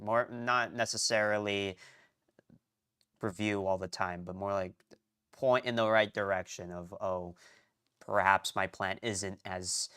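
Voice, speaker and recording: A young man live-streaming his language study, rambling and thinking out loud, often muttering to himself and restarting sentences. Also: lowish voice, clear, resonant tone. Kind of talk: casual live-stream chatter.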